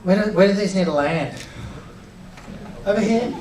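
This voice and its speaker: A man's voice: high voice, moderate pace, long pauses. Upbeat man presenting in a roomy hall. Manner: upbeat, chatty, involves the crowd. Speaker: workshop presenter. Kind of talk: energetic live workshop talk to an audience. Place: cinema auditorium with audience. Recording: roomy auditorium sound from a distance.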